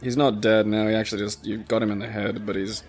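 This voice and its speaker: A man's voice: on the low side, flat delivery, fast talker. A man joking and swearing casually while a friend plays a video game. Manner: jokey, irreverent, swears. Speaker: co-host. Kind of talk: casual let's-play chat.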